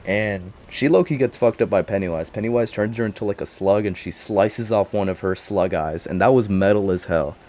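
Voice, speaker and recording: A young man with a lowish voice rambles through a loose recap, loaded with slang and casual swearing. He jumps from point to point in an unscripted, chatty delivery. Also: brisk, few pauses, warm tone. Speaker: vlogger.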